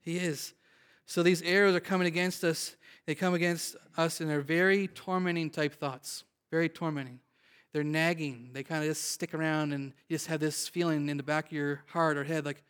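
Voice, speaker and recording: A man's voice: a little high, steady tone, moderate pace, clear, resonant tone. A man preaching a sermon, calling out to his congregation with rising emphasis. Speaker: pastor.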